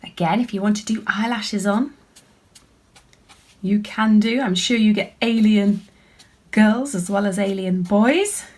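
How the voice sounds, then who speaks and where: Breathy woman teaching drawing. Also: mid-range voice, unhurried, pauses often, a little mellow. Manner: chatty and encouraging, talking while drawing. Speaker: children's author and illustrator. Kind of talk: draw-along lesson for children.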